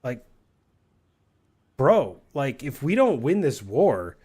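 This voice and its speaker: A man's voice: medium pitch, sing-song, slow pace, a little mellow, husky. A man streams a game while ranting, his mid-range voice getting heated and argumentative. He swears freely and presses his point hard, talking over his friends. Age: adult, married with a son. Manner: profane, fired-up, argumentative.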